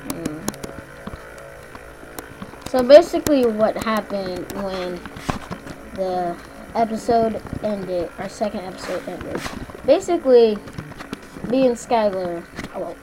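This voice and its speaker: A woman's voice: mid-range voice, expressive, takes it slowly, long pauses, noisy background. A young woman co-hosting a gaming video in casual chat, rambling through stories with lots of "like" and "basically" and swearing freely.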